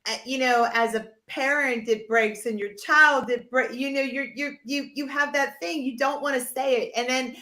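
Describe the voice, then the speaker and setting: A woman co-hosting a podcast, reacting with quick remarks and lots of laughter. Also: high-pitched, steady tone, pushed and bright. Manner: laughs a lot, reacts with short interjections. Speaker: podcast co-host. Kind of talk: casual live podcast chat. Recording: roomy echo.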